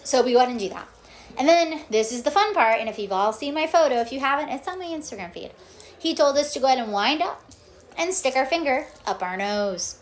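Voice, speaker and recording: A woman vlogger telling her own story in casual, animated chat, often checking in with "okay?" and "like". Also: sits high, brisk. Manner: animated, acts out quotes, frequent "okay?" and "like".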